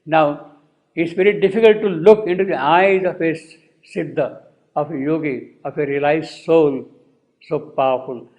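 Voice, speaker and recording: A man's voice: fairly high pitch, normal speed, a little mellow, poor audio. A man teaching a poem, reciting its lines again and again and explaining them word by word. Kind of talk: slow lecture with poetry recitation.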